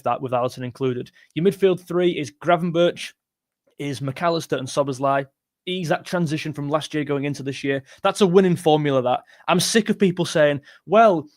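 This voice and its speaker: A young man hosting a live football stream, talking fast and opinionated, with frequent restarts. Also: a little high, no room sound, studio quality. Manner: quick, opinionated, chatty, with many restarts. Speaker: football channel host. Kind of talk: live-stream chat reading super chats.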